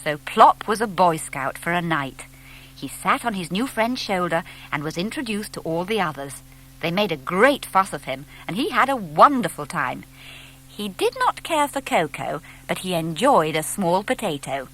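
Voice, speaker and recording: A woman narrating a children's storybook in a gentle, expressive reading. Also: on the low side, moderate pace. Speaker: audiobook narrator.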